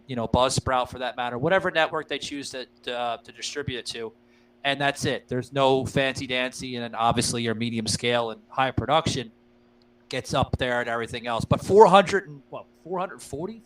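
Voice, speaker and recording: A man's voice: medium pitch, a bit bright, low-quality recording. A man hosting a casual podcast, talking loosely with lots of uh fillers, swearing freely and addressing his listeners as guys. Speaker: podcast host.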